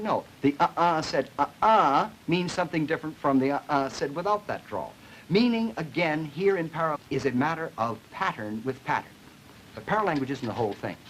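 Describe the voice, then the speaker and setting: A man's voice: a little high, low-quality recording. A man lecturing on linguistics and demonstrating vocal sounds as he explains them. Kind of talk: classroom lecture with spoken demonstrations. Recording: old film soundtrack with faint hiss.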